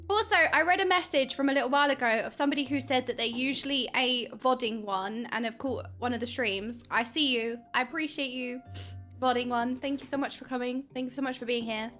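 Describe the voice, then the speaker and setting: A woman's voice: sits high, fairly quick, soft background music. A woman streaming a game, chatting playfully and giddily with her viewers. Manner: giddy, playful, squeals when excited. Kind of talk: casual game stream commentary.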